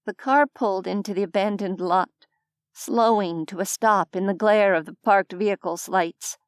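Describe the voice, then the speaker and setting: A woman reading a first-person audiobook with wry, even storytelling. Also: mid-range voice, normal speed, clear, resonant tone, no room sound, studio quality. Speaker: audiobook narrator. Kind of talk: scripted first-person narration.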